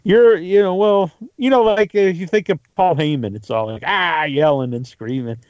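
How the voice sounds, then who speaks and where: A man co-hosting a casual wrestling podcast, quick and animated, tripping over restarts. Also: high-pitched, dry recording. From Northeast US. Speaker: podcast co-host. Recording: dry, slightly dull lo-fi audio.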